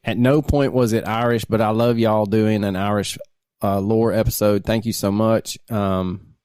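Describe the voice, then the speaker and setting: A man's voice: fairly low pitch, fairly even intonation, normal speed, a little mellow, clean tone, dry recording. A man co-hosting a casual podcast, rambling loosely and laughing mid-sentence as he reads out listener comments. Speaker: podcast co-host.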